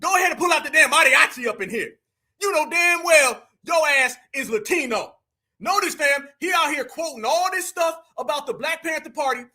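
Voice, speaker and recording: High-pitched animated male streamer. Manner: animated, preachy, slangy, addresses viewers as family. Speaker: livestream commentator. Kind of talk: reactive live commentary.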